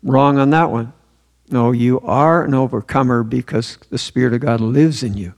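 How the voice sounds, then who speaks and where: A man's voice: mid-range voice, normal speed, vocal fry, a little mellow. A man preaching a sermon in a church, earnest and emphatic, repeating his key phrases. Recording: long hall reverb.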